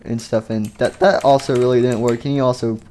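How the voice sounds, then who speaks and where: A man narrates a game machinima story off the cuff, rambling through the plot and leaning on fillers like "and stuff". His voice sits at an ordinary pitch with a mellow, soft tone. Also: fairly even intonation, a little fast, slight background noise. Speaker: video creator.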